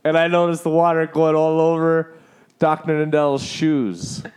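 A man's voice: on the high side, little pitch movement, unhurried, a little mellow, smooth. A man co-hosting a casual podcast chat, telling a story with lots of laughter, swearing and acted-out voices. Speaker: podcast co-host.

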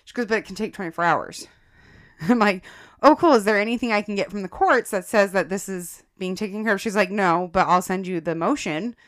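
A woman's voice: medium pitch, a little fast. Chatty woman podcast host telling a story. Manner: chatty, animated storyteller who laughs often and addresses listeners as guys. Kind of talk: casual chat, telling a personal story.

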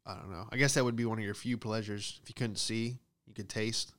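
A young man telling rambling, profane comic stories in a solo monologue, with animated asides. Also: fairly low pitch, brisk. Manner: profane, animated storytelling with loud acted outbursts.

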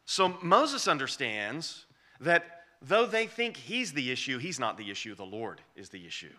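A man's voice: mid-range voice, sing-song, a little slow, pushed and bright. A man preaching an expository sermon, emphatic and repeating key phrases for weight.

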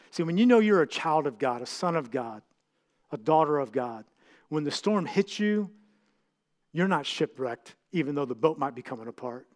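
A middle-aged man, a pastor, preaching a heartfelt sermon that often halts and restarts with fillers. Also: medium pitch.

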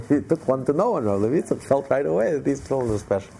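A man teaching a religious class, telling a story in an animated way with frequent restarts. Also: mid-range voice, fast, creaky, slight background noise.

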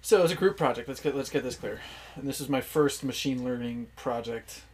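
A man's voice: mid-range voice, fairly quick, breathy edge. A young man as a podcast guest, chatting casually, laughing easily and explaining things with lots of fillers. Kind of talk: casual chat.

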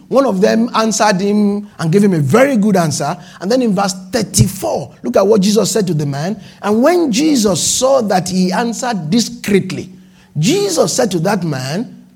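A male pastor preaching in a high, gravelly voice with a husky edge. He speeds through asides, then slows right down to stress key phrases. He often repeats and restarts his words. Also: darkish tone. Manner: preaching with swings between fast asides and slow, drawn-out emphasis. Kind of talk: sermon.

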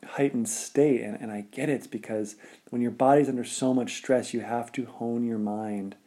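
Laid-back man with a mellow voice. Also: medium pitch, fairly even intonation, moderate pace. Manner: rambling, laid-back, heavy use of filler words. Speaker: storyteller. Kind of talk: casual personal storytelling.

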